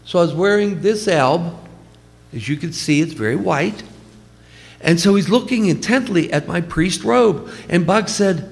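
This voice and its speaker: A man's voice: high-pitched, lively intonation, a little slow, vocal fry. A man, a priest, telling stories in a conversational funeral homily. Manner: storytelling, warm and conversational. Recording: long hall reverb.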